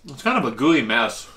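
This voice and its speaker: A man with a bright, forward tone hosts a casual food vlog. He chats between bites, explaining the dishes in a relaxed, talkative way. His pitch leaps up and down as he reacts to the flavors. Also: a little hiss or hum. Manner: chatty, explains Japanese food terms while tasting; eats while talking, with lively jumps in pitch. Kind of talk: casual food-tasting chat.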